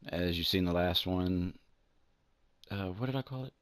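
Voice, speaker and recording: A man's voice: low voice, no echo, studio quality. A man with a Southern US accent, casually rambling through commentary on his own gaming channel, restarting sentences as he goes. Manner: rambling, restarts, drawn-out words.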